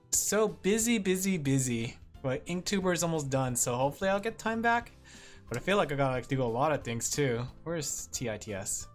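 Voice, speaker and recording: Chatty streamer rambling to chat. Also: medium pitch. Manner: chatty, rambling, laughs often, talks to chat. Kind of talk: casual livestream chat while drawing. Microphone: streaming microphone with headphones. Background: faint music.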